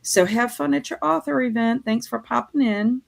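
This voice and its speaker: A woman's voice: on the high side, moderate pace, creaky. A woman from Louisiana, hosting a casual livestream from her home office, reading chat comments aloud and laughing often. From Louisiana, USA. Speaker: livestream host.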